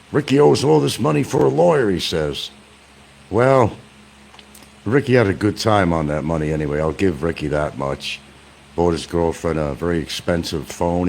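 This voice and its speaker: Calling his target "son," a man streaming from an indoor room taunts the person he talks about with casual, sarcastic commentary. His voice is deep and a little mellow, with slight background noise.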